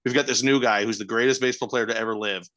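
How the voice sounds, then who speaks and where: A man's voice: medium pitch, fairly even intonation, racing, fairly bright tone. A man co-hosting a podcast, joking in wry, profane banter during casual chat. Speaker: podcast co-host.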